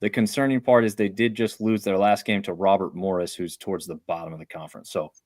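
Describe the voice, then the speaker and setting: A man's voice: deep voice, quick pace, dry recording, studio quality. A man co-hosting a casual sports talk show, weighing a team's chances with hedges and trailing asides. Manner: lively, hedging, trails off softly. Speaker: podcast co-host.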